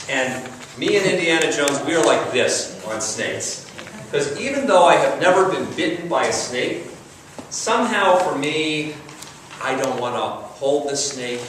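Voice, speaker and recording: A man's voice: medium pitch, animated, unhurried, fairly bright tone, slight background noise. Male pastor preaching in a reverberant church. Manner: conversational preaching with repetition and emphasis. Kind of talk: sermon. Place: church sanctuary. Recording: roomy church sound from a distant mic.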